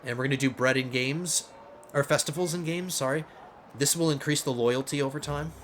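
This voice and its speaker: Excitable man narrating his gameplay. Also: on the high side, fairly quick, a little hiss or hum. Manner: excitable, thinks aloud, restarts often. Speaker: let's play host. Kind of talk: casual gameplay commentary. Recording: game music playing under the voice. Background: game music.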